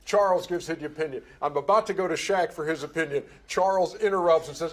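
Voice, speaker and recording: A man's voice: fairly high pitch, quick pace. A man, a studio host, who walks through the story step by step in casual panel chat.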